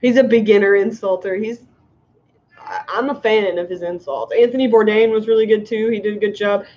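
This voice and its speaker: A woman's voice: mid-range voice, steady tone, brisk, a little mellow. Chatty middle-aged woman, muffled. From United States. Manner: chatty, giggly, rambling with many likes. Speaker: fishkeeping livestream host. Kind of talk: casual livestream chat reading comments. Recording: muffled lo-fi stream audio.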